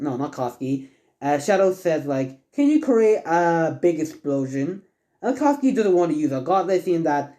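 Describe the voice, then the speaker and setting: A man's voice: a little high, dark tone. A man casually narrating a fan story, rambling and stumbling with lots of fillers.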